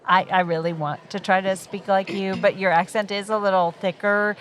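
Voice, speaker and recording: A woman's voice: medium pitch, steady tone, normal speed. A woman co-hosting a podcast interview, playful and eager to try out accents. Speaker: podcast co-host. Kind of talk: live conversational interview. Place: conference floor.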